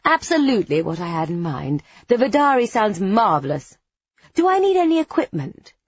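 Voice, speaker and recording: A woman puts on an eager know-it-all boss who gushes in a high, breathy voice. The voice bounces around a lot and has a husky edge. The audio is dry and a little dull. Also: moderate pace, no room sound. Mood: gushing. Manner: gushing, breathy, high and excitable.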